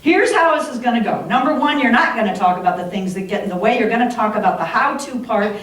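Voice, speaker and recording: A woman's voice: fairly high pitch, animated, fast, fairly bright tone. A prim, uptight organizer snaps short, clipped demands, as a woman minister acts her out. The voice rings far off in a large, echoey hall. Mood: curt. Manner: clipped, curt pronouncements. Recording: very echoey hall, heard from afar.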